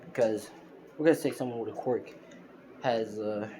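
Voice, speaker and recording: A man's voice: on the low side, moderate pace, warm tone. A man casually retelling a fan-made story, rambling with lots of fillers and restarts. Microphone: phone screen recorder. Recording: noisy phone recording.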